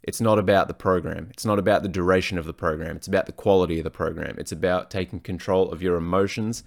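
A man's voice: low-pitched, steady tone, fast, vocal fry. A man, a fitness coach, talking alone on his podcast in a blunt, profane, rambling way. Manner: blunt and profane, frequent swearing; rambling, self-correcting, off on tangents. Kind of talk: solo podcast monologue.

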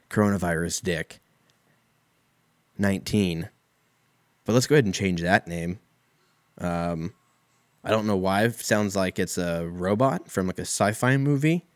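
A man's voice: low-pitched, dry recording. A man hosting a casual solo talk, rambling in a wry, profane way. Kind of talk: casual solo comedic rant.

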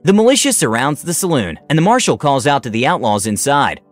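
A man narrating a scripted tabletop game story in an animated way, putting on voices for characters. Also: medium pitch, a little fast, dry recording, faint music behind.

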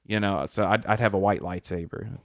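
A man in casual podcast chat explains fan lore with easy confidence, dropping the odd swear word. His voice sits on the low side and is recorded dry and close. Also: fairly even intonation, a little fast, no room sound. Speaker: podcast co-host.

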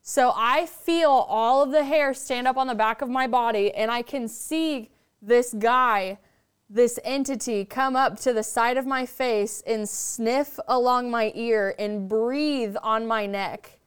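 Podcast guest: a woman telling stories, casual and animated, fond of swearing, with a smooth, clear voice. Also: fairly high pitch, takes it slowly. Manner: animated, chatty, swears freely. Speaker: podcast guest, paranormal storyteller. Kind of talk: casual storytelling.

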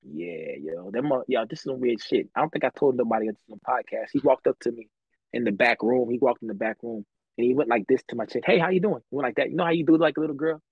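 A man's voice: medium pitch, quick pace, breathy edge, no room sound, phone-quality sound. A man on a podcast telling stories from his life in casual, slangy, profane talk, laughing often. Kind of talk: casual chat, storytelling.

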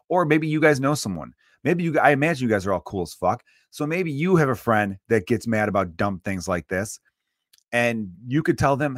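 A man from Chicago in his thirties rants alone on his podcast, swearing freely and turning preachy. His voice sits at an ordinary middle pitch. The sound is close and dry, with no room echo. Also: fairly quick. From Chicago area. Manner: profane, preachy and animated. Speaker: podcast host. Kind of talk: solo podcast rant.

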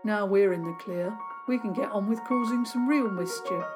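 A woman's voice: mid-range voice, normal speed, loud music behind the voice, lightly acted. A cheeky boy , as a woman storyteller puts him on, joking about mischief in a playful, teasing way. The voice stays near the narrator's own. It is a children's story.

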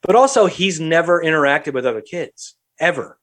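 A young adult man hosting a podcast, telling a story in a lively, profane, casual way. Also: fairly high pitch, moderate pace. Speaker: podcast host.

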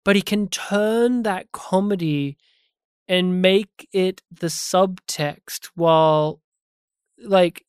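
An animated, enthusiastic podcast host chatting casually about film. The voice sits at a middling pitch. It is recorded dry and close, with no room sound. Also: clear, resonant tone, no echo.

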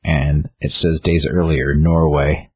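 A man with a very deep voice and a husky, grainy edge talks casually about comic books. He retells scenes loosely, with fillers, and now and then lifts his voice to quote a character. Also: flat delivery, takes it slowly, a little mellow. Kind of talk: casual comic book discussion podcast.

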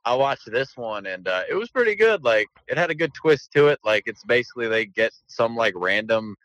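A man's voice: mid-range voice, brisk, no echo, rough recording. A young man in casual joking chat about TV, acting out silly voices. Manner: jokey, lively, acts out silly voices.

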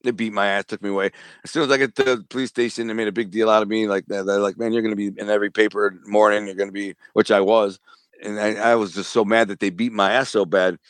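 A man's voice: fairly low pitch, fast, no echo. Streetwise man telling stories. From Detroit. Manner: animated, streetwise storytelling with slang and acted-out dialogue. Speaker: author and former mob enforcer, interview guest. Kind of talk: casual storytelling interview.

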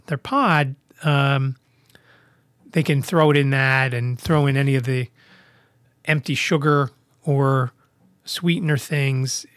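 A man's voice: mid-range voice, no echo, clean studio sound. A blind man hosting his own podcast, telling a personal story in a casual monologue and acting out both sides of the conversation. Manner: animated, acts out both sides of dialogue. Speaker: podcast host.

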